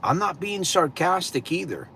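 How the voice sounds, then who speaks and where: A man hosting a live stream, greeting viewers and slowly posing reflective questions to them. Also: high voice, sing-song, vocal fry, sharp tone, a little hiss or hum. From California. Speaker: livestream host.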